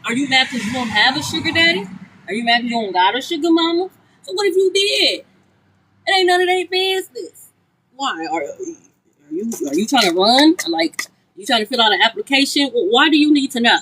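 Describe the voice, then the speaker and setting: A woman with a fairly high voice gives a live tarot reading on her phone while standing outdoors. She talks bluntly, swears freely and keeps repeating her points. Clear street noise runs under her voice. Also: big pitch swings, a little fast, sharp tone, rough recording. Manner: blunt, profane, repetitive. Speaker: tarot reader. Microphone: phone livestream.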